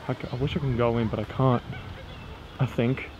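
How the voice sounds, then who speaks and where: A young man strolls through busy city streets, a station and a park for a casual travel vlog, filming with a camera on a small tripod. His medium-pitched voice is flat and a little fast, the recording muffled, with street noise clear in the background. He curses freely and laughs often.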